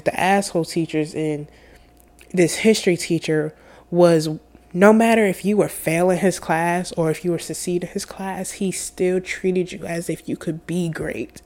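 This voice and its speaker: A young woman telling a personal story in an earnest, halting way, tearful and full of fillers. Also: low-pitched, a little mellow.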